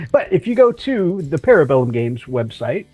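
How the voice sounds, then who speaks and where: A woman's voice: sits low, big pitch swings, a little slow, music in the background. A woman co-hosting a casual live chat, scattered and correcting herself as she plugs a discount code. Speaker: co-host.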